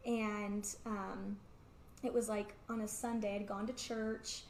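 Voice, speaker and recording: A woman's voice: medium pitch, flat delivery, takes it slowly, a little mellow, slight background noise. A young woman in her twenties, an interview guest, telling a personal story in a chatty way full of "like". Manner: chatty, peppered with "like", acts out quoted remarks. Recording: echoey room with faint ambience.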